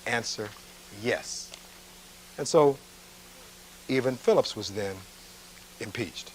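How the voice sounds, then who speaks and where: A man's voice: mid-range voice, a little slow, pauses often, a little hiss or hum, poor audio. Man giving a courtroom closing argument. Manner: reads testimony aloud, then asks pointed rhetorical questions. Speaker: defense attorney.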